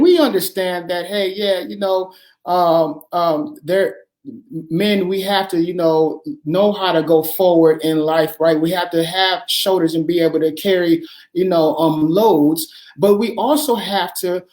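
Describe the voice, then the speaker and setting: A man's voice: high voice, darkish tone. A man hosting an earnest advice talk, speaking emphatically and repeating his phrases, with plenty of fillers.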